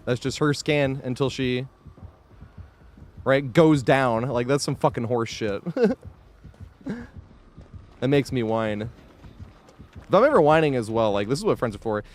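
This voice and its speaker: Speaking at a measured pace with frequent pauses, this streamer has a mid-range voice and lively intonation. As he plays live, he offers relaxed commentary to his audience, cursing openly, laughing often, and giving thanks to those who support him.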